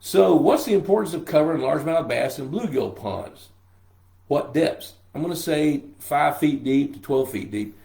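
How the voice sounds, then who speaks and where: A man's voice: medium pitch, vocal fry, warm tone. Older male live-stream host, scratchy throat, folksy and joking, echoey room. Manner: folksy and joking, greets viewers by name. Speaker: pond management show host. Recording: roomy echo.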